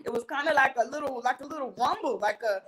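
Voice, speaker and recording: High-voiced woman telling a heated story. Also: quick pace, low-quality recording. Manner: animated, acts out others' lines, swears freely. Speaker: interview guest recounting a reality-show fight. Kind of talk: casual storytelling.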